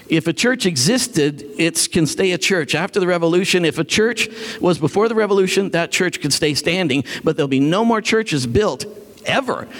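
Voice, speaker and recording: High-voiced animated male preacher. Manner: animated, acts out quoted voices, laughs often. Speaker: pastor. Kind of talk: sermon with storytelling.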